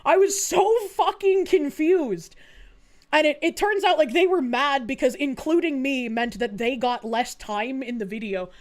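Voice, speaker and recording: A woman's voice: high-pitched, normal speed, hardly any pauses. A young woman streamer chatting casually, reading out viewer messages and telling stories, swearing a lot and laughing often. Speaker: VTuber streamer.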